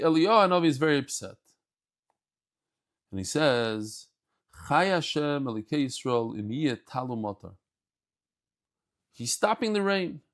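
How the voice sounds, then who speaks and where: A man giving a daily Talmud lesson, telling the stories in an animated way and mixing English with Hebrew and Yiddish terms. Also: fairly high pitch. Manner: animated storytelling, acts out scenes. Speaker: Talmud teacher.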